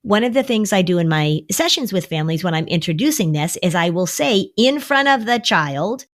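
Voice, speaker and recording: A woman's voice: medium pitch, normal speed. A middle-aged woman therapist co-hosting a podcast, explaining anxiety to parents and acting out the voices of worry and children. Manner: animated, acts out quoted voices of worry and kids. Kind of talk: podcast conversation.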